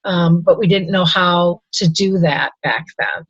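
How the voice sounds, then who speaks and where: A woman's voice: on the low side, a little slow, slightly rough, dry recording, dull audio. A middle-aged woman hosting a casual interview, chatty, with many fillers and restarts. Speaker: host.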